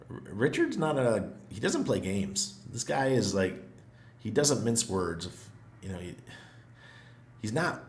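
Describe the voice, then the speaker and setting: A middle-aged man with a hoarse voice, hosting a casual livestream, chatty and laughing often as he greets viewers. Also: deep voice, a little hiss or hum. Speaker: livestream host.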